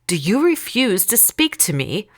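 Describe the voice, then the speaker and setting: A woman's voice: medium pitch, very animated, pitched above the performer's own voice. Woman reading as an uneasy Roman governor. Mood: questioning. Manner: measured, reasoning, pleading.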